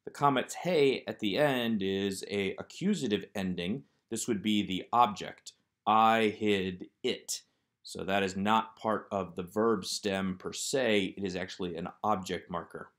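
Methodical lower-voiced man teaching grammar. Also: a little slow, few pauses. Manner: methodical, explanatory walkthrough of exercises. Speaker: Hebrew teacher. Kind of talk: recorded grammar lesson.

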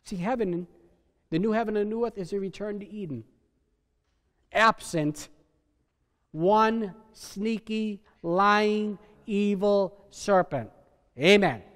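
Emphatic high-voiced preacher in a reverberant hall. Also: male voice, takes it slowly, pauses often. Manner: emphatic preacher, swings from soft to loud. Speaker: pastor. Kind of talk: sermon. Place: church sanctuary.

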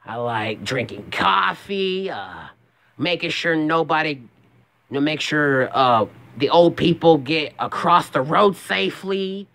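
A gruff puppet policeman with a scratchy, gravelly voice, talking slow and stern, as a young man puts him on. He drops low and sounds grainy throughout. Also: expressive, fairly bright tone, full character voice.

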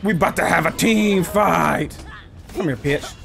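A man streaming a game with loud, profane trash talk and sudden shouts. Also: high-pitched, a little slow, gravelly, faint music behind. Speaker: gaming streamer. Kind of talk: live gameplay commentary.

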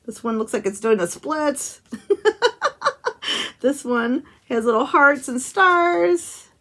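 A woman's voice: high voice, lively intonation, slow, sharp tone. Gushing woman unboxing crafts. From United States. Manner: gushing, exclaims often, chuckles. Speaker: craft channel host. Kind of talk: casual unboxing chat to camera.

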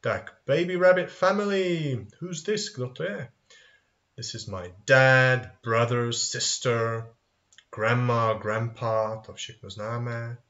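Man, children's language lesson, sing-song, animated, measured pace, dull lo-fi recording. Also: mid-range voice. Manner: animated, sing-song, models phrases and answers himself. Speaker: English teacher.

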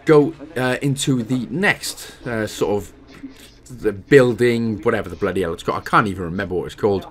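A man's voice: on the low side, fairly quick. A Welsh man giving casual, chatty commentary over a video game walkthrough, with self-deprecating, apologetic asides.

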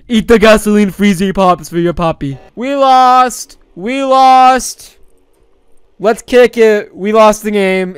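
A young man commentating his own gameplay in a goofy, rambling way, with sudden loud outbursts. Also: sits high, clear, resonant tone, dry recording. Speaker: gaming YouTuber. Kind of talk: let's play commentary. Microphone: desk microphone.

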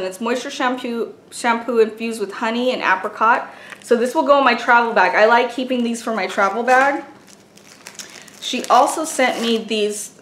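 A beauty and craft vlogger unboxes gifts, gushing and exclaiming over each item as she chats casually. Her voice is on the high side and a bit bright, recorded in an echoey room with faint noise.

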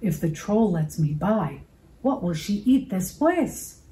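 A woman voicing the biggest billy goat in a picture-book read-aloud, gentle and sympathetic in manner. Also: medium pitch, big pitch swings, slow, slight background noise, poor audio. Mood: caring. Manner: kind, sympathetic.

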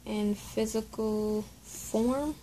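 Woman, home Bible study host, casual, apologetic, spells words aloud, mellow tone, faint background noise. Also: a little high, fairly even intonation, extremely slow, poor audio.

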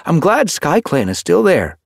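A well-fed male house cat, cheerful and a touch smug, speaking in a raised, lively voice, put on by a male narrator. His talk bounces around, recorded close and dry. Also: fairly high pitch, a little slow, creaky, no room sound, pitched above the performer's own voice, exaggerated voice.

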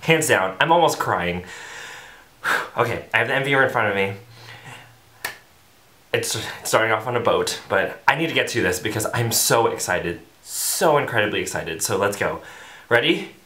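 A man's voice: fairly low pitch, expressive, moderate pace, pauses often, bright, forceful tone. A man hosting a reaction video, gushing with breathless fanboy exclamations as he reacts to a music video. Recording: roomy echo with faint music.

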